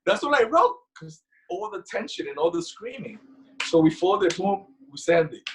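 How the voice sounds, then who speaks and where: A man with a New York accent tells stories in a relaxed interview, his voice sitting a little high and swinging widely in pitch. He acts out the people in his stories with sudden loud, high voices. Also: normal speed, poor audio. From the Bronx, New York. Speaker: guest. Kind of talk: casual storytelling in a podcast interview.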